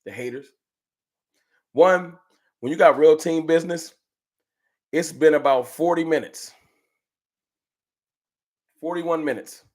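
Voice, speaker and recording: A man hosting a fan livestream, chatting with viewers and ranting with slangy, animated trash talk. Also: fairly high pitch, slow, pauses often. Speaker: sports fan livestream host. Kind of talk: casual livestream chat reading super chats.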